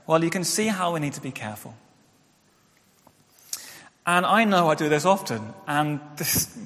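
A young man preaches in a frank, conversational way, owning up to his own faults as he goes. His slightly high voice swings widely in pitch. The sound carries a long reverb from the church hall. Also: a bit bright. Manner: candid, conversational preaching with self-deprecating asides. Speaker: pastor. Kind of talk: sermon.

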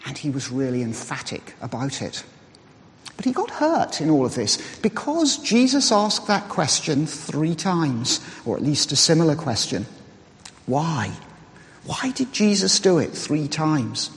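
A man preaching a sermon, explaining in a measured way and reasoning aloud. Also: fairly high pitch, sing-song. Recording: reverberant hall.

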